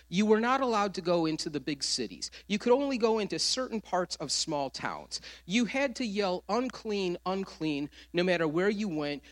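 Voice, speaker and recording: Pastor, male, higher voice, earnest sermon delivery with dramatic pauses. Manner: earnest preaching, quoting scripture with dramatic pauses.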